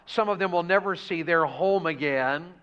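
A man's voice: on the high side, moderate pace, smooth. A man preaching a revival sermon, folksy and full of questions to the congregation. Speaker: pastor. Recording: dull lo-fi church audio.

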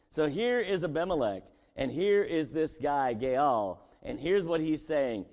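A man's voice: mid-range voice, very animated, moderate pace, few pauses, a little mellow. A man preaching a sermon as pastor, talking casually and asking his congregation rhetorical questions. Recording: long echo of a large hall.

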